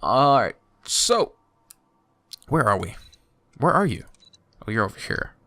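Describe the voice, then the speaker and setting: A man talking through a strategy game for his channel, chatty and thinking aloud, with bursts of excited exclaims. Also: mid-range voice, measured pace, no echo. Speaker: YouTuber playing a strategy game. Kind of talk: let's play commentary.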